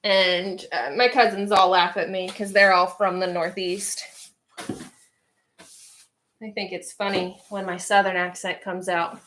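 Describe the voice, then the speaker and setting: A woman's voice: mid-range voice, level tone, measured pace, a bit bright, slight background noise. A woman from Central Virginia hosting a home livestream, chatting casually with viewers and reading their comments aloud. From Central Virginia, United States. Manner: chatty, musing, reads chat aloud. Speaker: livestream host. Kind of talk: casual chat with live viewers.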